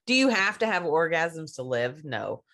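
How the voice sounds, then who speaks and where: A woman's voice: low voice, big pitch swings, normal speed, a bit bright. A woman co-hosting a casual podcast chat, talking frankly and laughing often. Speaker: podcast co-host.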